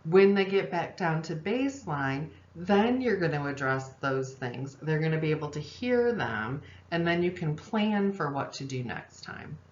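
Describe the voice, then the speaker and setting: A woman giving a recorded parenting lesson, calm and explanatory, often checking in with "okay?". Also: sits low, measured pace, hardly any pauses. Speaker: parenting instructor and social worker. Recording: echoey room, dull lo-fi sound.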